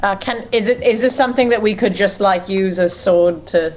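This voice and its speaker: A woman's voice: mid-range voice, darkish tone. A woman playing a tabletop game, chatting casually in and out of her character. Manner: casual, unhurried chat. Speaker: player.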